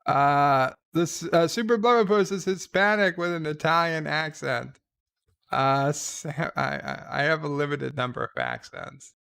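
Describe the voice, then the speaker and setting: A man's voice: fairly high pitch, unhurried, gravelly, a bit bright, clean tone. A man hosting a livestream, reading viewer comments aloud and rambling through wry asides. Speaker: livestream host.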